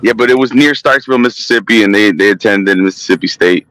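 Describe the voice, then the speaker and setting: A man's voice: on the low side, fast, a bit bright, rough recording. A man calling in to a sports chat, laid-back and a little hesitant, teasing his friends. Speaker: caller. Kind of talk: casual call-in sports chat.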